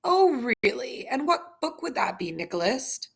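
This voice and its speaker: A woman's voice: fairly high pitch, very animated, measured pace, a bit bright, breathy edge, pitched above the performer's own voice, full character voice. Stern suspicious father, put on by a woman, clipped questions, guarded. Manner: wary, clipped interrogating.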